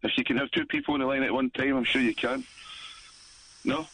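A man's voice: medium pitch, steady tone, fairly quick, fairly bright tone, no echo. A man with a Scottish accent calling a radio show at night, chatty and eager. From Scotland. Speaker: caller. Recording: phone line.

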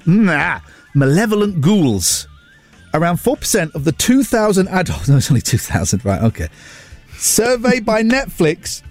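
A man's voice: a little high, darkish tone. A man hosting a radio show, casually chatting about newspaper stories with wry asides. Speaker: radio host.

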